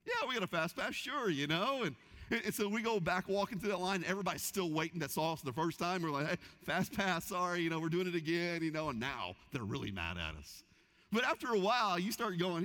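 A man's voice: high-pitched, fairly quick. A middle-aged man preaching a sermon, telling a story and acting out the voices in it. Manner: animated, acts out quoted voices. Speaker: pastor. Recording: hall reverb.

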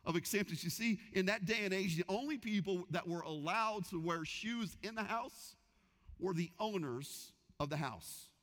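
A man's voice: high voice, normal speed. A middle-aged man preaching a sermon, telling a story and acting out the voices in it. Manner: animated, acts out quoted voices. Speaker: pastor. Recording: hall reverb.

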